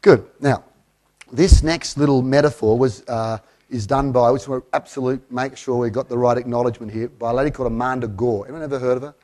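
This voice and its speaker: Man, keynote speaker on stage, middle pitch, coaxing and lively, counts breaths aloud, slightly winded. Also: fairly quick. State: a bit out of breath. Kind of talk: live keynote talk, guiding a breathing exercise. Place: room with a live audience.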